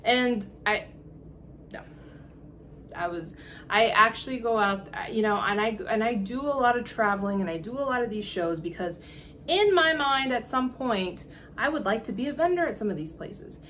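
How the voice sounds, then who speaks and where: A woman vlogger telling a casual, animated story in exasperated tones, often laughing and acting out the dialogue. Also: fairly high pitch, normal speed, a little hiss or hum.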